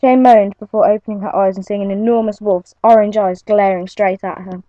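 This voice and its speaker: A young woman reading her own adventure story aloud, in an earnest, steady storybook manner. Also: medium pitch, fairly quick, no room sound. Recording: muffled lo-fi home recording.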